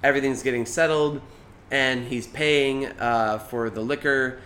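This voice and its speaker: A man's voice: mid-range voice, fairly even intonation, unhurried, a bit bright, a little hiss or hum. A man co-hosting a podcast, casually recapping a movie with lots of fillers and restarts. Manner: rambling, many fillers, acts out quotes. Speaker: podcast co-host.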